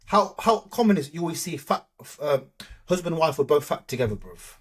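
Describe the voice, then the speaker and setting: A young man, a bodybuilding coach, chats casually on a podcast. His voice sits slightly high and comes out husky and breathy. He swears constantly and acts out the back-and-forth of his stories. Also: sing-song, fairly quick. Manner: swears a lot and retells stories animatedly, acting out both sides.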